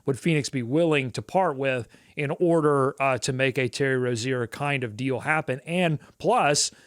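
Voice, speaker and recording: A man's voice: mid-range voice, normal speed, dry recording, clean studio sound. A man co-hosting a sports podcast, talking casually with lots of fillers and playful asides. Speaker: podcast co-host.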